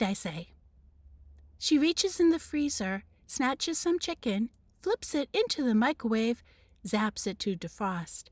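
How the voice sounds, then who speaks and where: A woman, a teacher, reading the first chapter of a children's novel aloud in an expressive storybook manner. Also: on the high side, a little slow, dry recording.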